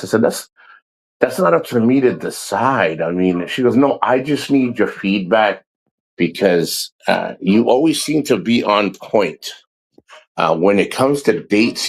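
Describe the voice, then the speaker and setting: A middle-aged male vlogger chats casually, rambling, repeating himself, and retelling a conversation he had with his family, dialogue included. His lowish voice is husky, and the recording sounds rough.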